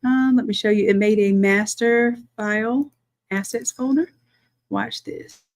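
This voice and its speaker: A woman, a design instructor chatting through a live-streamed software tutorial, talking to viewers as y'all and thinking aloud as she works. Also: medium pitch, steady tone, measured pace.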